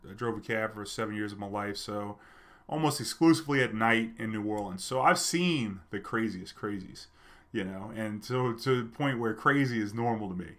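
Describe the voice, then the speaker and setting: This streamer's voice sits on the low side with a fairly bright tone. He shares a personal story with his audience casually, stumbling through fillers and starting over often.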